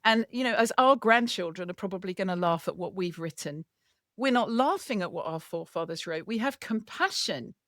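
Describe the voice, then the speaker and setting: A woman author being interviewed, talking in a lively, chatty storytelling way. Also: mid-range voice, brisk, no room sound, clean studio sound. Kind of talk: casual chat.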